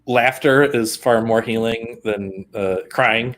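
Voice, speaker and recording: A man co-hosts a relaxed conversation with a mid-range voice. He thinks aloud, uses plenty of fillers, and breaks into light giggles as he talks. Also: mid-range voice, slow, slight background noise. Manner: giggly, thoughtful, many fillers. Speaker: podcast co-host. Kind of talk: casual chat.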